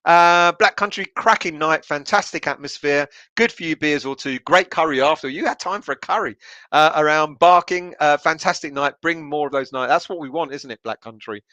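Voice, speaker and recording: A man from England hosts a relaxed live stream and works through viewer comments one by one. His voice sits a little high and sounds bright and forward. The sound is dry and close, and his delivery is loose, with many fillers and false starts. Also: normal speed, dry recording. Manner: chatty, laughs often, many fillers and restarts. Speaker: podcast host reading live chat comments. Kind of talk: casual live-stream chat.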